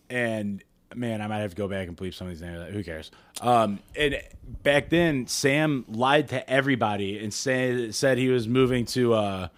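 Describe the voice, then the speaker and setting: A man co-hosting a casual podcast, telling crude stories with lots of swearing and squeaky acted-out quotes. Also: no room sound. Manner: storytelling, swears freely, acts out quotes in squeaky voices. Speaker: podcast co-host.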